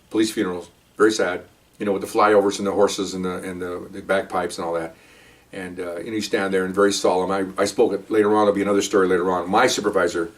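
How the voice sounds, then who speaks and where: An older man, a retired police officer, telling a story in a rambling, halting way, choked up at times. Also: lowish voice, distant mic. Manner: rambling, halting, self-correcting. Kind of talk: casual storytelling monologue.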